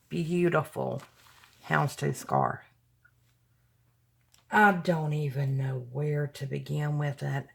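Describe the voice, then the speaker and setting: A woman's voice: low-pitched, gravelly. A woman, gushing and exclaiming as she opens a gift package at home at night. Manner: gushing, excitable, gasps and exclaims, addresses viewers as y'all. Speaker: vlogger opening a gift package. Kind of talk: casual unboxing chat.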